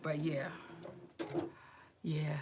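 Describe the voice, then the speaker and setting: A woman from the northern US hosting a casual sewing livestream, chatting in a rambling, animated way and calling her viewers y'all and child. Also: deep voice, very slow, very noisy. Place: home sewing room.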